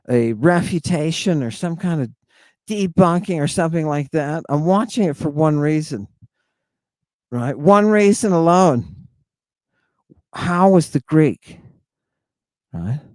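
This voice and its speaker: A man hosting a lecturing monologue to his viewers. He talks emphatically, keeps asking "right?" and "do you understand?", and stalls in halting restarts with drawn-out fillers. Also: on the high side, a little mellow, no room sound. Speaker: host.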